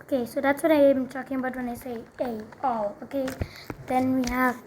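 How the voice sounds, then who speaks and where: A woman's voice: high-pitched, little pitch movement, fairly quick, a little mellow, a little hiss or hum. A young woman tutoring math in a casual, chatty way, full of fillers and self-corrections. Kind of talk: casual explaining while writing.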